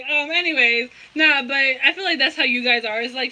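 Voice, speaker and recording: A woman's voice: sits high, normal speed, hardly any pauses, bright, forceful tone, low-quality recording. A young woman giving a casual tarot reading, rambling in slangy, profane talk and often breaking into giggles. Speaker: tarot reader.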